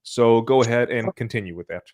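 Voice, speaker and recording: A man's voice: mid-range voice, brisk, darkish tone. Man host in casual chat. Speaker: podcast host.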